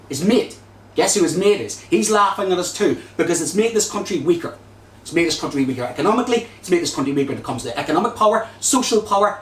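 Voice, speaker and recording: A man with a Northern Irish accent giving an impassioned, rhetorical debate speech as a Green Party candidate. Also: on the high side. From Northern Ireland. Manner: forceful, indignant, rhetorical. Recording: echoey hall, distant mic, faint noise.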